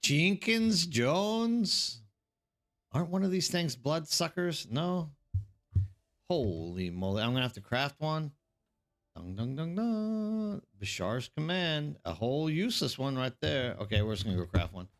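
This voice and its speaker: A man's voice: medium pitch, animated, a little fast, few pauses. A man streaming a game live, chatting casually and rambling to his viewers, calling them by name.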